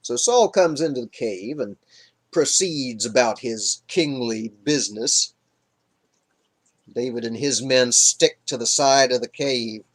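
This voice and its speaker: A man's voice: medium pitch, slow pace. A man hosting a live stream, retelling a Bible story in an irreverent, joking way. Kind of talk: casual comic Bible retelling.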